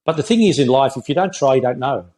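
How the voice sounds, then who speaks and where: A man's voice: mid-range voice, animated, quick pace, darkish tone. An Australian man in his sixties, a former rugby player as a podcast guest, telling blunt, opinionated stories. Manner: blunt, opinionated storytelling, says "mate" often. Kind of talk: casual podcast interview.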